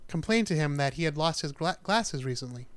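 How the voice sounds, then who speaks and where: A man's voice: a little high, animated, brisk, dry recording. A man hosting a podcast, telling a true-crime story in a casual, chatty way with dry jokes. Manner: chatty, dry jokes, acts out quoted people. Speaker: podcast host.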